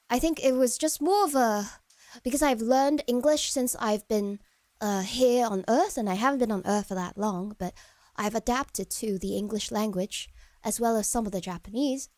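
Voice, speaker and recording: A woman casually chatting to viewers on a live stream, wandering and hesitant with lots of fillers and restarts, often trailing into soft, low murmurs. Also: dry recording, studio quality.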